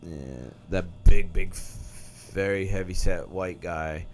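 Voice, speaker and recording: A man's voice: low voice, slow pace, slight background noise. Laughing, profane male podcast co-host. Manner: profane, laughs often, animated storyteller. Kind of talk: casual chat.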